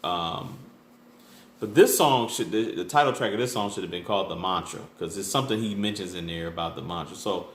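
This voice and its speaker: A man's voice: deep voice, fairly quick, fairly bright tone. A man hosting his channel, chatting casually through an album track by track, loose and full of fillers and restarts. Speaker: music reviewer, channel host. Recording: echoey room with faint background noise.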